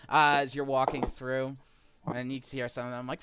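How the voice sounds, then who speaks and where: A man's voice: mid-range voice, flat delivery, normal speed, a bit bright, slight background noise. A man narrating a tabletop game as game master, describing scenes in a rambling, filler-heavy way.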